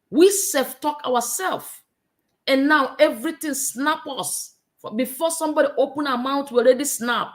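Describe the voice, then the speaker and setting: Earnest woman giving a faith-based pep talk. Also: on the high side. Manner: earnest, preachy and conversational. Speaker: host of an online confidence challenge.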